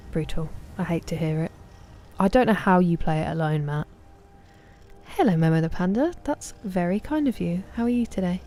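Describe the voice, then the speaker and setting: A woman chatting casually with live viewers while gaming, greeting them by name and dropping soft asides. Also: on the low side, a little hiss or hum. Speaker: streamer.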